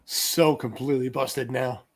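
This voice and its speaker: A husky man talks casually over a movie, with easy chuckles and many little throat clears. His tone stays laid-back, a friend commenting from the couch. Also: mid-range voice, unhurried. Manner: relaxed, chuckling asides, frequent throat clearing. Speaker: watch party co-host.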